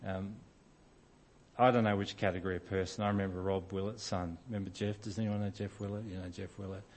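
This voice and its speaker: A man's voice: deep voice, little pitch movement, fast talker. A middle-aged man preaching a sermon in an informal, self-deprecating storytelling way, often restarting his sentences.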